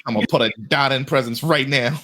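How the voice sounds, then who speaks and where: A man's voice: medium pitch, fast, fairly bright tone. A man playing in a tabletop game, laid-back and teasing in casual chat. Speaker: player.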